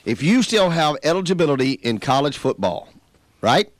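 A man's voice: fairly high pitch, very animated, normal speed, no room sound. A man co-hosting a sports radio show, giving his opinion casually with many restarts. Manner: casual, hesitant restarts, laid-back pushback. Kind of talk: heated sports radio debate.

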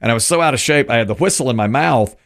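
A man's voice: medium pitch, lively intonation, racing. A man in his forties hosting a radio show, chatting casually with a caller and joking often. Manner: jokey, laughs often. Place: radio studio.

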